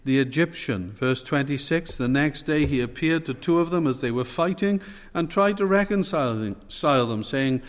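A man's voice: a little high, animated, normal speed. A man preaching an expository sermon, emphatic, quoting scripture and stressing key words by lifting and dropping his voice. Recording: long hall reverb.

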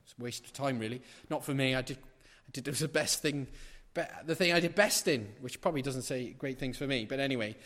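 A man's voice: medium pitch, a little fast, hardly any pauses, a bit bright, long reverb tail. A middle-aged man preaching a sermon, emphatic and repeating phrases for stress.

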